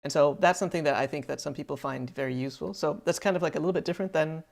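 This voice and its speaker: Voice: mid-range voice, rapid-fire, gravelly. A podcast co-host talking casually, rambling through thoughts with lots of "like" and "um". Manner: rambling, many fillers and restarts.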